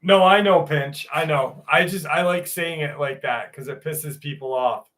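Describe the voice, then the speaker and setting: A man with a fairly high, bright voice hosts a live stream at a moderate pace. He chats casually with viewers, addressing them by name, swears freely, and reads a story aloud.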